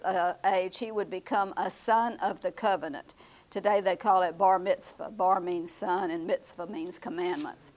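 A woman's voice: medium pitch, rough recording. An older woman leading a Bible study class in a conversational way, repeating her students' answers and often chuckling. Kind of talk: Bible class teaching with questions.

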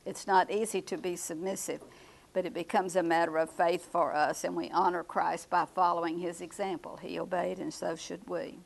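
An older woman with a fairly low, level voice and some vocal fry leads a Bible study class at normal speed, asking questions. She talks conversationally, repeats her students' answers back, and chuckles often. The recording quality is low.

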